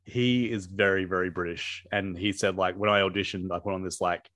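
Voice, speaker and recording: Low-voiced man rambling about a movie. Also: steady tone, fairly quick, fairly bright tone, no room sound, studio quality. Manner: rambling, laughs often, many fillers and restarts. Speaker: podcast co-host. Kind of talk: casual movie commentary chat.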